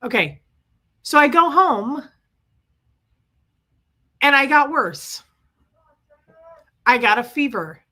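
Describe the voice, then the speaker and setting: A middle-aged woman telling a story to her viewers. She is sick with chest congestion and rants in animated bursts, stopping to greet viewers by name. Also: high-pitched, slow, long pauses. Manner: ranting, animated storytelling, reading out viewer names. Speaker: livestream host. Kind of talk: casual chat to viewers.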